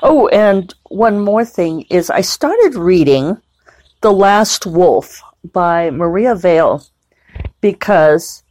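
A woman's voice: lowish voice, lively intonation, slow, a little mellow, dry recording. A woman novelist chatting casually at home in a rambling, digressive way, with plenty of fillers. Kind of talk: casual vlog chat.

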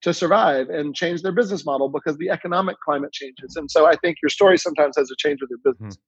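Brief: male entrepreneur guest, husky tone, repeats words mid-thought, dull dry recording. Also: fairly high pitch, fast, no echo. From Louisiana. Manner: storytelling, repeats words when starting thoughts. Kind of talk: conversational interview.

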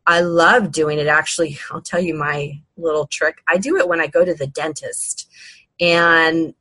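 A woman hosting a podcast, giving casual, unhurried advice with frequent fillers and restarts. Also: low voice, steady tone, bright, forceful tone, husky, no echo, low-quality recording. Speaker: podcast host.

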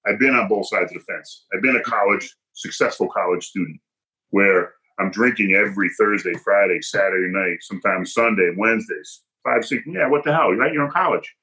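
A man tells a personal story as a podcast guest, hitting his points hard and acting out the voices of people he quotes. His voice sits a little low and has a bright, forceful edge. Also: fairly quick, low-quality recording. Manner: emphatic, punchy, acts out quoted dialogue.

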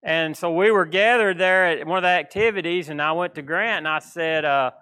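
A male pastor with a country East Texas accent preaches an informal sermon in a high, ringing voice with a bright, forceful edge. His delivery is fairly quick and smooth, loose and conversational, wandering through homespun stories. The manner is folksy, rambling and plainspoken, full of country phrasing.

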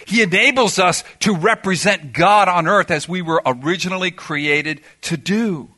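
A man's voice: high voice, normal speed, pushed and bright. A man preaching a sermon in an auditorium, emphatic, firing off rhetorical questions and answering them himself. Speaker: pastor.

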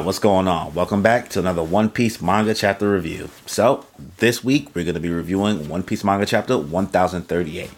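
A man hosting a manga reaction video, reading panels aloud with loose, slangy asides. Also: deep voice. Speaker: manga reaction channel host. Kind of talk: casual reaction and read-aloud.

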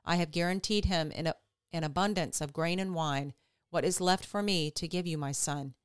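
A woman reading the lines of an old blind father, gently questioning. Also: fairly low pitch, normal speed, smooth, no room sound, studio quality, lightly acted. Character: old blind father Isaac, frail and wary.

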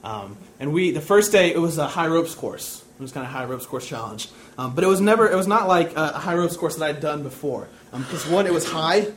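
A man's voice: on the high side, expressive, fairly quick, few pauses, slight background noise. A young man preaching a sermon, telling a personal story in a casual, self-deprecating way.

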